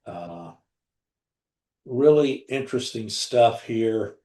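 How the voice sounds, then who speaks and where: A man hosting a live trading room, talking through charts in a deliberate, blunt way and often repeating himself. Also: fairly low pitch, animated, darkish tone. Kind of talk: live market commentary over charts. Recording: roomy echo.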